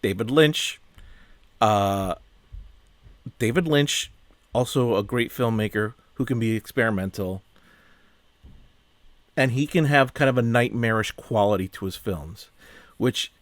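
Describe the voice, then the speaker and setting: A man's voice: mid-range voice, a little slow, long pauses, no echo. A man giving casual reaction commentary on a film. He sounds puzzled and exasperated, asks question after question, and often trails off and restarts his sentences.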